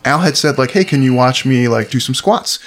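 A man's voice: mid-range voice, brisk, slight background noise. Rambling man in casual podcast chat. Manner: rambling, full of "like" fillers. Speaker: podcast co-host.

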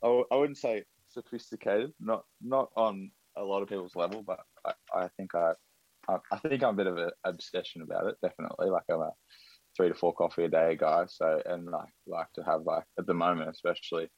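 Deep-voiced man, rambling and enthusiastic. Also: steady tone, fairly quick, dry recording, muffled recording. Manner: rambling, filler-heavy, enthusiastic. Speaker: podcast guest. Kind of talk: casual chat.

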